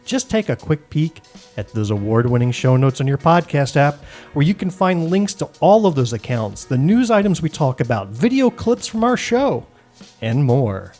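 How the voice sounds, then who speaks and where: A man's voice: on the high side, very animated, moderate pace, darkish tone, faint music behind. A man co-hosting a podcast, chatting casually and wryly. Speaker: podcast co-host.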